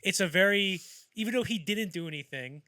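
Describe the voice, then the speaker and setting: A man's voice: sits high, lively intonation, a little fast, pushed and bright, dry recording. A man hosting a podcast, chatting casually about film history and acting out anecdotes as he rambles along. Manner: rambling storyteller who acts out quotes. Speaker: podcast host.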